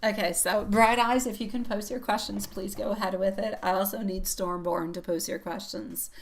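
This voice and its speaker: A woman's voice: medium pitch, steady tone, normal speed. A woman reading tarot on a live stream, chatty and affectionate, laughing often and calling viewers sweetie pie. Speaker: tarot reader.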